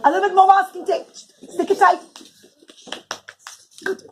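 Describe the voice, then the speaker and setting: A woman, a preschool teacher, telling a story to young children in an animated, sing-song way and talking to them directly. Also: extremely high pitch, a little slow, a little hiss or hum, poor audio.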